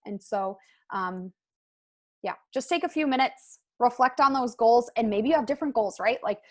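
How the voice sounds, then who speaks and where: A woman's voice: on the high side, normal speed, a little mellow. A young adult woman hosting a casual motivational team call, chatty and full of fillers. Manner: chatty, lots of "like" and "um". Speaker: team call host and coach.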